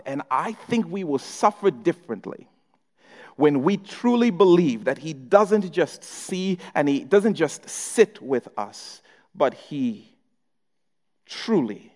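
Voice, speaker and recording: Guy preaching a sermon, high lively voice, slow and deliberate, big echoey church hall. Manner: animated preaching, speaking as Jesus in first person. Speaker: pastor.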